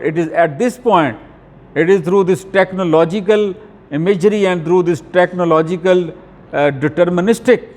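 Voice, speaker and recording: A man's voice: sits high, darkish tone. A male lecturer in a reverberant hall. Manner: deliberate, with frequent fillers and restarts. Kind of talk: academic video lecture.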